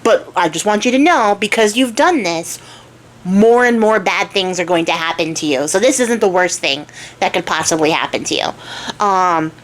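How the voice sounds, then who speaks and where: A woman voicing a patient, wise male magic horse who gives calm, matter-of-fact advice in a spoken storybook. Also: fairly low pitch, moderate pace, lightly acted. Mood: reassuring.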